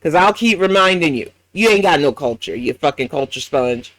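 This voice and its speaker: A man with a New York accent delivers angry reaction commentary, cursing freely and mocking his target. His voice sits high for a man. The sound is dry and close, with no room around it. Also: animated, normal speed, fairly bright tone, dry recording. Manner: blunt, profane, mocking. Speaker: commentary host.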